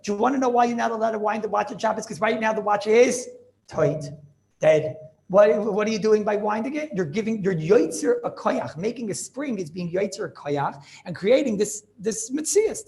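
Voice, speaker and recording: A man giving an informal Torah class as a rabbi, animated and repetitive, mixing in Yiddish and Hebrew terms. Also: sits high, gravelly, a little hiss or hum. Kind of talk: informal Talmudic lecture.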